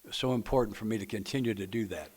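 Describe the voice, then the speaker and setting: A man's voice: on the low side, racing, a little mellow, slightly rough. A man from Tennessee, leading a recovery book study and talking to a group in a plainspoken, folksy way with jokes for the audience. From Nashville, Tennessee. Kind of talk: speaker-meeting talk to a group.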